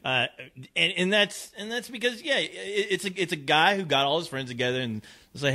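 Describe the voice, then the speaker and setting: A man with a bright, forceful, fairly high voice gives his offhand, crude take on a film. He swears casually as he talks. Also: a little fast. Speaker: film reviewer. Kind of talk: casual roundtable movie review.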